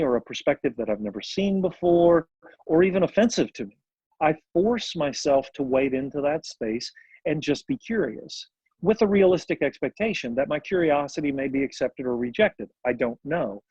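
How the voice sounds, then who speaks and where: A man speaking as a therapist guest on a podcast, talking in a reflective, thoughtful way and slowing down to stress his points. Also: on the high side, lively intonation, darkish tone, husky, no room sound, muffled recording. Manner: reflective, thoughtful, slows down for emphasis. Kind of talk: podcast conversation.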